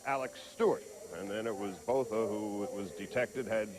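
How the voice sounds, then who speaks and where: A man reporting live for a sports news channel, giving measured, informative commentary with a slightly wry tone. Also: on the low side, noisy background.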